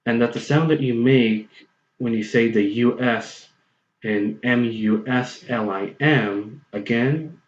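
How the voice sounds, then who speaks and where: A man's voice: medium pitch, slow. A man giving a patient, step-by-step pronunciation tutorial, repeating points and often checking in with okay. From United States. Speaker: online language tutor. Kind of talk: explanatory tutorial voice-over. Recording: roomy, slightly dull home recording.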